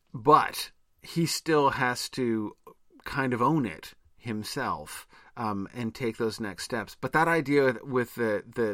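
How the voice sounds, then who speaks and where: A man's voice: lowish voice, bright, forceful tone, no room sound, clean studio sound. A man co-hosting a casual discussion, thinking aloud in long rambling runs full of fillers and restarts. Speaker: podcast co-host.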